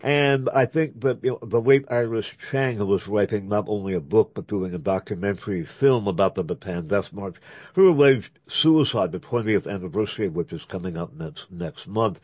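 A man's voice: lowish voice, moderate pace, a little mellow, no echo. A man hosting a radio talk show, speaking in a rambling, digressive way and spelling out names letter by letter. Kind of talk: conversational radio interview.

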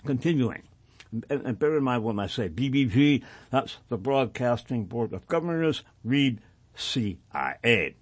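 A man's voice: mid-range voice, sing-song, a little slow, husky, dry recording. A male radio host reading passages aloud and adding sardonic asides on air.

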